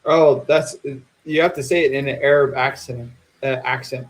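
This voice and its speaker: A man's voice: mid-range voice, fairly even intonation, normal speed, low-quality recording. A man co-hosting a podcast, joking and laughing along in casual chat. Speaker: podcast co-host.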